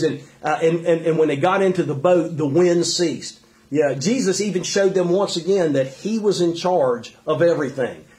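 A man's voice: a little high, darkish tone. A man preaching a sermon in an earnest, conversational way, with frequent fillers and restarts. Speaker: pastor.

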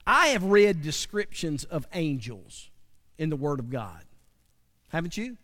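A man preaching, his voice pitched high for a man. He talks in a folksy, chatty way and keeps asking the congregation questions. The sound carries a long reverb, like a large hall. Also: big pitch swings, a little slow, fairly bright tone. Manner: folksy, conversational, asks the audience questions. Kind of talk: sermon.

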